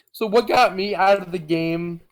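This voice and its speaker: A man's voice: high voice, slow. A young man hosting a podcast in casual gaming chat, rambling and restarting his sentences. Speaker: podcast host.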